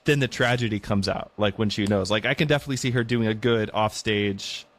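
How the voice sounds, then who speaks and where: A man co-hosting a casual discussion, easygoing with quick asides. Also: lowish voice, a bit bright, a little hiss or hum. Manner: easygoing, quick asides, jokes about old films. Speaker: podcast co-host, deacon.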